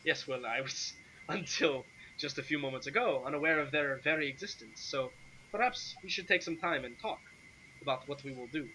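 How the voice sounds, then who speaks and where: A calm, courteous older count who speaks in formal, measured phrases, as a man puts him on. The voice comes across bright. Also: on the high side, breathy edge, poor audio.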